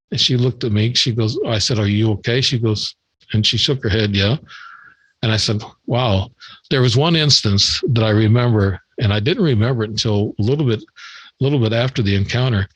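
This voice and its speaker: A man's voice: lowish voice, fairly bright tone, no room sound, low-quality recording. An older man, a podcast guest, telling a long story in a rambling way, repeating words and acting out the dialogue. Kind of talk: storytelling in an interview.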